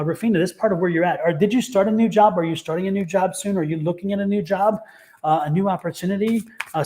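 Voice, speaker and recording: Upbeat guy doing live tarot readings, kinda high voice, rambles, faint hiss behind. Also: a little mellow. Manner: enthusiastic, rambling, laughs often. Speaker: tarot reader.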